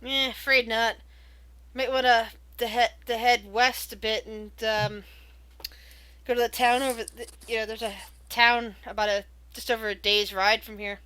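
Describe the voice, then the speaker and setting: An easygoing, pipe-smoking male satyr in a tabletop game, as a woman puts him on. He talks in a halting way full of fillers, in a bright, slightly high voice. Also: little pitch movement. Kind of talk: tabletop role-play voice.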